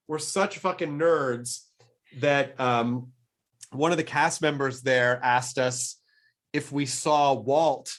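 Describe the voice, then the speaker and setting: With a voice that's a bit bright and on the high side, a middle-aged host leads a casual podcast interview, eagerly rambling and restarting often as he thinks aloud.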